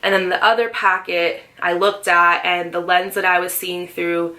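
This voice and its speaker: A woman's voice: lowish voice, little pitch movement, normal speed, sharp tone. A woman in her twenties telling her own life story in a candid, emotional vlog, full of "like" and "um". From Northeastern US. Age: 20s. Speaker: vlogger.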